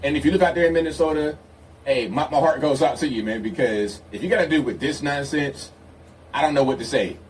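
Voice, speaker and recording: A man's voice: on the high side, fairly quick. Mocking, incredulous male commentator. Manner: mocking, incredulous, laughing asides. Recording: distant mic with faint noise.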